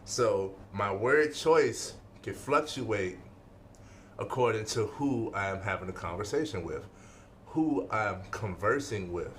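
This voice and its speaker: A man with a fairly low voice delivers a casual motivational lesson. He is emphatic, repeats key lines and keeps checking in with the listener. A faint background noise sits under the recording. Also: lively intonation, slow, fairly bright tone. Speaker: life-skills speaker.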